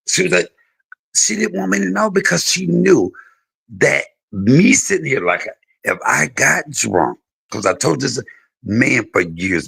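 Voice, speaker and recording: Raspy gravelly guy on a stream, swings all over in pitch, cussing as he tells a story. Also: unhurried, rough recording. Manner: animated storytelling with profanity. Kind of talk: emotional casual chat on a live stream.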